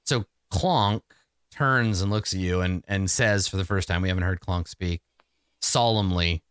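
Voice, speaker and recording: A man narrating a tabletop game as game master, animated and rambling with frequent restarts. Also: deep voice, measured pace, clean tone, no room sound, clean studio sound.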